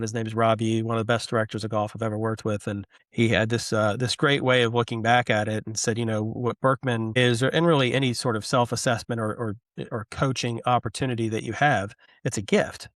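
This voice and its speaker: A man's voice: mid-range voice, steady tone, fast, few pauses, fairly bright tone, no echo, clean studio sound. A middle-aged man speaking as an interview guest, earnest and enthusiastic about his work. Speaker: guest, hospitality and club leader. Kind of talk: conversational interview.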